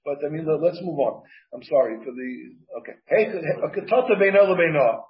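A man teaching a Talmud class in an animated way. He repeats words often and mixes Hebrew and Yiddish terms into English. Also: fairly high pitch, a little fast. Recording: dull lo-fi class recording.

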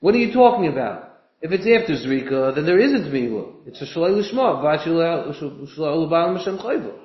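A man's voice: on the high side, sing-song, normal speed. Man chanting Talmud in an echoey room. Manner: chanting text in singsong, thinking aloud. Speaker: study partner. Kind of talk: Talmud study discussion. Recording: echoey room, dull lo-fi sound.

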